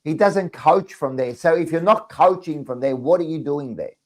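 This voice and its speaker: A man's voice: on the high side, moderate pace. An Australian man co-hosting a casual sports chat show, emphatic and repetitive, often tagging his lines with 'mate'. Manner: emphatic, repeats phrases and tags lines with 'mate'. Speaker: podcast co-host.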